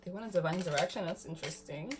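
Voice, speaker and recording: A woman giving a casual tarot reading to camera, excitable, often saying "freaking" and "like", swinging from calm talk to loud laughing outbursts. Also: on the low side, quick pace, heavy background noise. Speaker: tarot reader.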